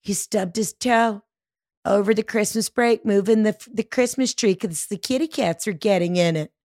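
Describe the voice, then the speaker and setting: A woman voicing a gloomy, chatty middle-aged neighbor woman who dwells on small mishaps in a drawn-out, complaining way. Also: medium pitch, darkish tone, pitched above the performer's own voice, close to an everyday voice.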